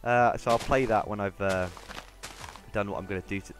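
A man's voice: on the low side, steady tone, brisk. A man giving casual, rambling gameplay commentary, talking to himself as he plays. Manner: rambling, talks to himself while playing. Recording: game music playing underneath.

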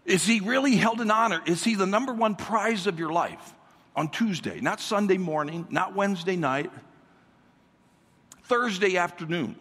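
A man with a notably high, slightly husky voice preaches as a guest pastor, energetic and full of repetition. He keeps calling on the congregation to answer him. His words ring out with a long reverb through a large church hall. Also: moderate pace. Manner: energetic, calls for congregation responses, repeats words. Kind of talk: sermon.

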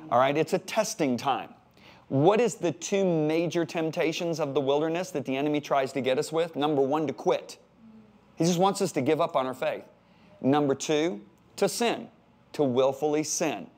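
Older American male preacher, lively and humorous, repeats words for punch, voice a bit high. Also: moderate pace. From United States. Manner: animated, repeats words for emphasis, jokey asides. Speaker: pastor. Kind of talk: sermon-style Bible teaching.

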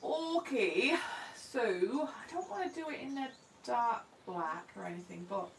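Woman chatting away while she paints live, a bit gravelly, sounds roomy and set back from the mic. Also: a little high, lively intonation, unhurried, recorded from a distance, a little hiss or hum. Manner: homely and self-deprecating, talks to herself as she works.

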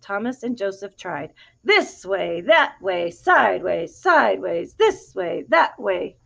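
A woman reading a picture book aloud to a child in an animated, expressive way, pausing to ask questions. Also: medium pitch, vocal fry. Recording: dull lo-fi recording.

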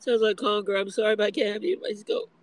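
A man's voice: high voice, expressive, quick pace, no room sound, rough recording. A man rambling through a livestream monologue from a parked car in the hot sun, complaining and aggrieved, at times tearful.

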